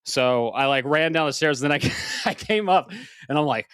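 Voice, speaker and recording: A man co-hosting a casual gaming podcast, slightly out of breath, swearing freely and swinging from loud bursts to low mutters. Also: lively intonation, brisk, smooth, no room sound, clean studio sound. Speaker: podcast co-host.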